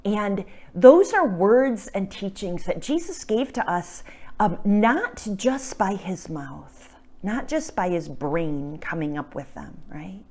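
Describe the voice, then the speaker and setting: A woman hosting a religious talk show from her home, teaching in a gentle, casual way with many ums, her voice slightly cracking from disuse. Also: medium pitch, very animated, slow. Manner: soft-spoken, gentle, with frequent ums and self-corrections. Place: at home, indoors.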